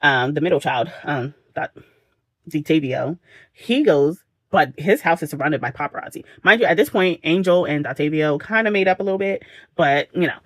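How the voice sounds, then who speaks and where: A woman's voice: sits low, normal speed, no echo. A woman recapping a book for her vlog in a casual, dramatic way, peppering the story with slang asides, at home late at night. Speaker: book vlogger.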